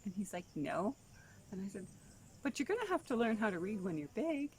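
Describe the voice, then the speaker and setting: A woman's voice: very animated, quick pace, a little mellow, a little hiss or hum. A woman, a homeschooling mother, telling stories in a rambling casual way with lots of asides. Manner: chatty, rambling, full of "you know" asides; acts out quoted voices with big pitch jumps. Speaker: homeschooling mother and travel vlogger. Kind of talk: casual storytelling monologue.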